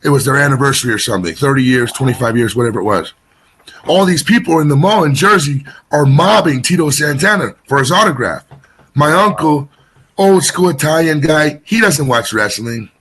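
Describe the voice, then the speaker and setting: A man's voice: on the high side, expressive, fairly quick, fairly bright tone. A man being interviewed as a wrestling guest, telling a long story casually, rambling and getting sidetracked with many restarts.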